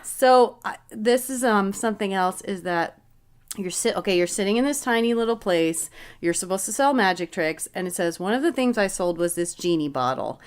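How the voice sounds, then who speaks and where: A woman's voice: medium pitch, expressive, moderate pace, smooth. Woman host, casual chat, rambling storyteller, laughs a lot, swears. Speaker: podcast host.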